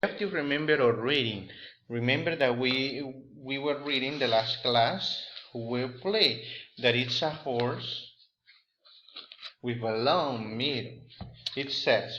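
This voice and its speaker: A man's voice: mid-range voice, takes it slowly, pushed and bright, dull audio. A male English teacher, giving a lesson and reading a story aloud in a patient, encouraging way with hesitant phrasing. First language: Spanish.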